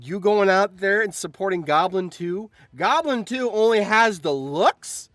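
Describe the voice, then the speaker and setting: A man's voice: sits high, expressive, unhurried, fairly bright tone, dry recording, clean studio sound, faint music behind. A man voicing a boastful, indignant male goblin who brags that he is the hero. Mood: indignant boasting. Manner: brash, ranting.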